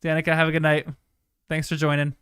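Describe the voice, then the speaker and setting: This is casual live commentary from a young streamer watching a movie with chat, emotional and chatty, often trailing off into soft asides. His higher voice comes out quick and completely flat, with a clean tone and a dry, clean studio sound.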